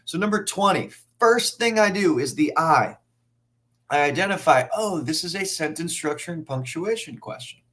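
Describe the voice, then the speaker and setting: A man with a slightly high voice teaches a live online test prep class. He reasons aloud through each question in an energetic, conversational way, tossing quick remarks to his viewers.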